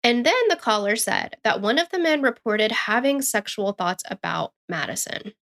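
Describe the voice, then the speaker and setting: A woman co-hosting a true-crime podcast, reading the case notes in a steady, matter-of-fact way. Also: a little high, normal speed. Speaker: podcast co-host.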